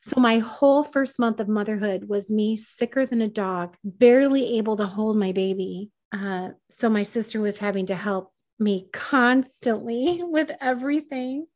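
Woman podcast guest with a fairly high voice, candid and self-mocking as she tells a personal story. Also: moderate pace, few pauses, darkish tone. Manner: candid, self-deprecating, laughing at herself.

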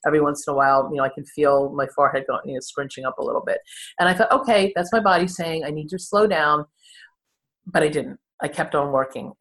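Guest, woman, 60s, low voice, candid and self-deprecating storyteller. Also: fairly bright tone. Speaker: therapist and podcast guest. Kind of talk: conversational interview storytelling.

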